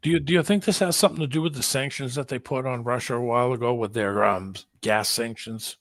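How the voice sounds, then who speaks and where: A man's voice: mid-range voice, fast talker, a bit bright, no echo, clean studio sound. A man on a casual panel, reading out news bluntly and swearing.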